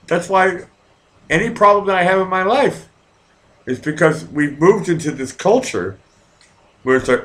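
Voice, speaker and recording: Speaking in a high-pitched voice, unhurried and full of long pauses, a live stream host rambles and curses while responding to viewers' comments. He's a man in his 40s from near Boston, Massachusetts, whose delivery veers from mumbled asides to loud outbursts.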